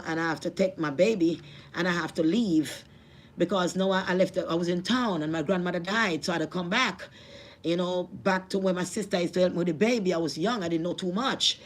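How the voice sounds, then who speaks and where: A woman with a Jamaican accent telling a personal testimony, emotional and repetitive, with religious appeals. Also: lowish voice. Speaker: vlogger.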